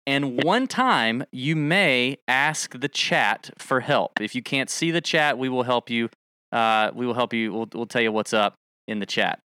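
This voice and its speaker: A man hosting a casual podcast game show, energetic and joking as he hypes up a guest on a studio mic. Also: mid-range voice, a little slow, clean tone, no room sound. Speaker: show host.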